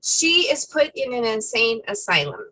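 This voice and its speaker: A woman co-hosting a casual faith-themed chat, retelling a story in an animated way with many fillers. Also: on the high side, moderate pace, rough recording. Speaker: co-host.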